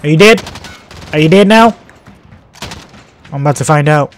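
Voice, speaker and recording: Excitable man yelling through a game. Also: on the high side, normal speed, slight background noise. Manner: excitable, yelps and shouts at enemies, then mutters. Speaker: gaming channel host. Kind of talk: live gameplay commentary.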